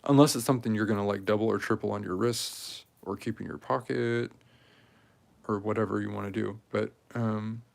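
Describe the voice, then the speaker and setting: A man in his forties talking casually and rambling while he strings beads, with many pauses and fillers. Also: fairly low pitch, steady tone, creaky. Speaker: craft video maker. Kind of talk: casual talk while crafting.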